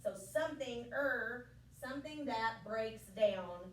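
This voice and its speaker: Lively teacher woman, echoey classroom. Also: on the high side, slow pace. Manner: lively, playful, asks frequent check questions. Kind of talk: classroom science lesson. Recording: echoey classroom from far off, faint room noise.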